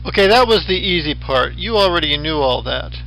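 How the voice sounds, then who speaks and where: Man, middle-aged, professor, recorded lecture, dry deadpan humor, bright tone, faint hum behind. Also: a little high, a little fast, rough recording. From western United States. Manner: dry, wry delivery with deadpan asides.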